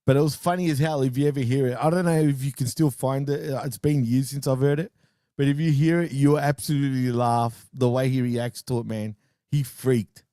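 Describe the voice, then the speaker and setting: A man's voice: mid-range voice, fairly even intonation, fairly quick, mellow, no room sound, clean studio sound. A man co-hosting a casual wrestling podcast, laughing often and telling loose stories full of "dude" and "man". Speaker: podcast co-host.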